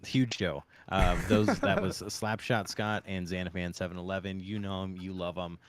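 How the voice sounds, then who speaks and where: A man's voice: low-pitched, level tone, moderate pace, a little hiss or hum. A man hosting a casual live-streamed gaming podcast, loose and joking as he rambles through the intro. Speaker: podcast host.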